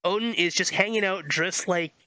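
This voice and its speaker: Bright-voiced man in casual movie chat. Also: sits high, moderate pace, no echo, dull audio. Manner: rambling, stumbles over names, laughs often. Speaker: podcast co-host.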